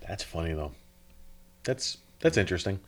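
A man's voice: low-pitched, sing-song, moderate pace. A man co-hosting a podcast in casual chat, often stumbling over his words and laughing. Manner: stammering restarts, laughs often. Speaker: podcast co-host.

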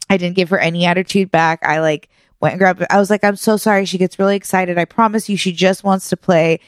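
A woman in casual chat, telling a lively story, laughing often and acting out the voices of the people in it. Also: on the low side, fast talker, no room sound, studio quality.

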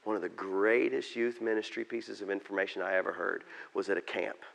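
A man's voice: lowish voice, steady tone, fairly quick, vocal fry, fairly bright tone. A male pastor preaching a sermon, emphatic and repeating key phrases.

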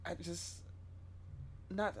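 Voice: extremely slow, a little hiss or hum. A podcast co-host in casual chat, rambling and hesitant, often breaking off and restarting sentences.

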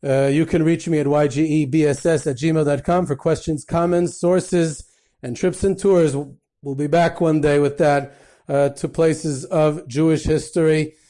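A man's voice: on the high side, fairly even intonation, a little slow, dark tone. A man hosting a podcast, telling anecdotes with frequent fillers and Yiddish phrases. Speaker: podcast host. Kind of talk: storytelling talk.

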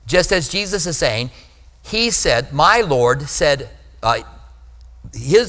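A man's voice: a little high, very animated, takes it slowly, long pauses, bright, forceful tone, in a large hall. A man preaching a sermon in a conversational way, with asides and self-corrections. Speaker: pastor. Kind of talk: sermon teaching.

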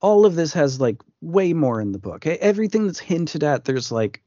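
A man's voice: on the high side, big pitch swings, moderate pace, warm tone, no echo. A man co-hosting a podcast, chatting casually and explaining things in detail. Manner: knowledgeable, explaining. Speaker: podcast co-host. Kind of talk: casual chat. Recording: muffled lo-fi podcast audio.

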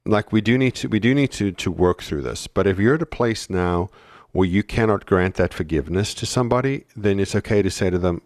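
Deep-voiced dad explaining on a podcast. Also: male voice, fairly quick, a little mellow, no room sound, clean studio sound. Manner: earnest explaining, frequent "right?" tag questions. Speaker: podcast co-host. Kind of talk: casual parenting podcast chat.

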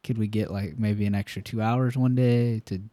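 A man's voice: on the low side, fairly even intonation, normal speed, mellow, no echo. A man co-hosting a faith podcast, talking in an earnest, rambling way with plenty of fillers. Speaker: podcast co-host. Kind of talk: casual faith talk.

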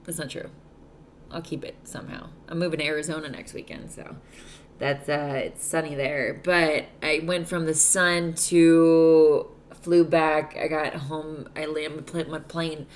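A woman's voice: low voice, flat delivery, a little slow. A young woman hosting her podcast, exhausted after a trip, talking candidly in a rambling way and swearing freely. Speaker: podcast host. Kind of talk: casual solo podcast chat.

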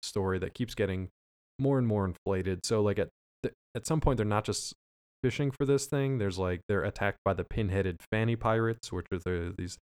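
A man's voice: fairly low pitch, moderate pace, a little mellow, smooth. A man co-hosting a podcast, casually recapping a cartoon episode in a loose, rambling way. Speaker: podcast co-host.

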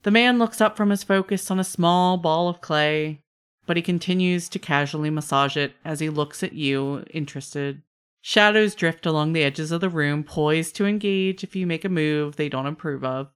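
A woman's voice: sits low, moderate pace, smooth. Woman narrating as game master. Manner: descriptive, laughs easily.

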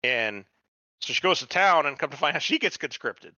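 A man's voice: on the high side, animated, moderate pace, pushed and bright, dry recording, dull audio. A man co-hosting a podcast, casually retelling a TV show with heavy swearing and quoted voices. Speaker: podcast co-host. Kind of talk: casual chat recapping a TV show.

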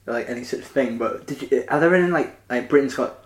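A man hosting a relaxed interview, his voice of middling pitch. His questions wander and stack up fillers, and the echo of the room trails each phrase. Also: a little fast. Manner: rambling questions full of fillers. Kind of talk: casual interview chat. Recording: echoey room.

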